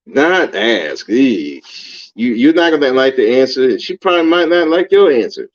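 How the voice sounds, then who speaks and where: A man's voice: mid-range voice, very animated, a little slow, muffled recording. A man hosting a podcast, reacting in casual, blunt, profane commentary and laughing at himself. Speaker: podcast host reviewing an interview.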